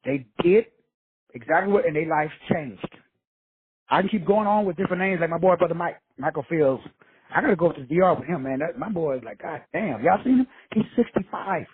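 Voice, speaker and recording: As the show's host, a motivational speaker rants casually in street-smart style, swearing freely and speaking bluntly. His husky voice is fairly high-pitched and fairly quick, captured in a dry, tinny, phone-like recording with no room sound.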